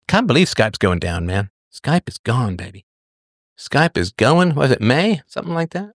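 A middle-aged man hosting a live chat show, talking casually with wry jokes and drawn-out emphasis. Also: medium pitch, very animated, no room sound, clean studio sound. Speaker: podcast host.

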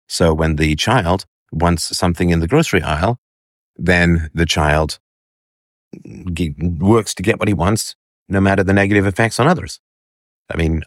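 A man giving commentary as he reads an article and reacts to a clip, halting with fillers and scornful asides. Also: deep voice, no echo, clean studio sound.

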